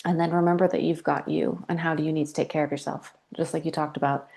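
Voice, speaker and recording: A woman in her forties speaks as a podcast guest, her voice sitting low with a gravelly, fry-tinged edge. She tells her story calmly and reflectively, at an even, measured pace. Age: 40s. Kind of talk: candid interview talk.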